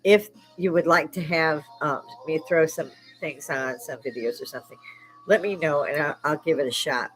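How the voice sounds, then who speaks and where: An older woman from Chicago chats on a live stream in a salty, profane way, breaking into laughs often. Her voice sits somewhat low, and faint music plays underneath. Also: moderate pace, rough recording. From Chicago, United States. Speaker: live stream host, army veteran. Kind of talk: casual live stream chat.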